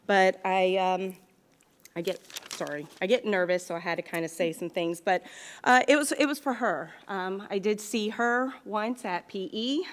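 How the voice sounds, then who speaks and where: A woman, giving nervous public comment as a parent, hesitant with many fillers and restarts. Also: on the low side.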